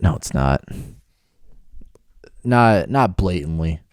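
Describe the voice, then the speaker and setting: Podcast co-host, male, lower register, animated delivery, irreverent jokester. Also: slow pace, clean tone, dry recording, clean studio sound. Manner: joking, crude, laughs often. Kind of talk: casual chat.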